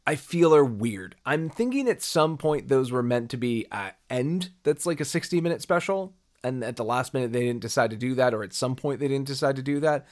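A man's voice: mid-range voice, expressive, brisk, few pauses. A man co-hosting a podcast, talking casually and rambling, acting out quoted reactions as he goes. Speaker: podcast co-host. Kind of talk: casual chat.

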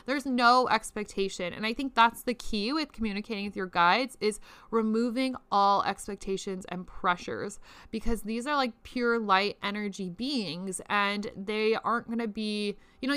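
Bright, crisp young woman teaching casually. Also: mid-range voice, dry recording. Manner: chatty, swears freely, laughs often, many "like" fillers. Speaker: spiritual teacher.

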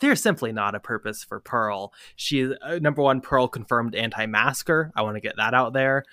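A man's voice: mid-range voice, moderate pace, bright, forceful tone, slight background noise. A man chatting casually about a film, wry and opinionated. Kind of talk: casual film-review chat.

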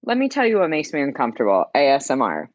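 A woman co-hosting a podcast in casual chat, animated and emphatic, laughing often. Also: rumbling low, quick pace, dry recording. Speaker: podcast co-host. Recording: slightly dull dry mic.

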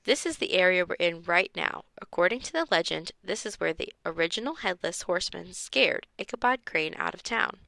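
A woman's voice: on the low side, expressive, fairly quick, vocal fry, hardly any pauses, sharp tone, no echo, exaggerated voice. A woman reading a storybook and voicing a friendly, teasing father who likes to spook the children.

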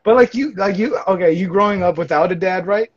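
A man's voice: sits high, a little fast. A young man from California, teasing his friend in casual banter, laughing and acting out quotes. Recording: dull lo-fi sound.

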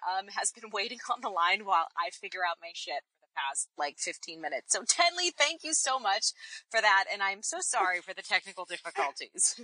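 Chatty bright-voiced woman podcast host. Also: medium pitch, lively intonation, moderate pace, low-quality recording. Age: 30s. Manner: chatty, rambling, with fillers. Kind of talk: casual podcast intro and interview. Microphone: remote recording setup.

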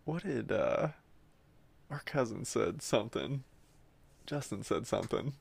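A man co-hosting a podcast in casual chat, teasing his partner with quick jokey interjections. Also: mid-range voice, expressive, creaky, husky. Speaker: podcast co-host.

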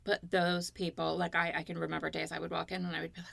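Gravelly, earnest woman guest. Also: on the low side, little pitch movement, quick pace, a bit bright, no echo. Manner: emotional, earnest, storytelling. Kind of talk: candid interview conversation.

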